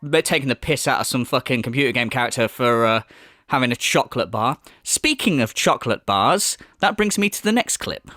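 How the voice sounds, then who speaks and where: A man's voice: mid-range voice, lively intonation, brisk, sharp tone, no echo. A man doing crude, mocking commentary as a YouTuber, laughing between jabs. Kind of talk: ranting commentary.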